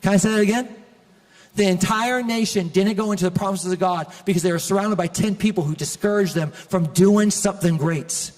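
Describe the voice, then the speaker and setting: A male pastor preaching an animated, conversational sermon with humor to a church congregation. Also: sits high, fairly quick, big-room sound. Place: large church auditorium.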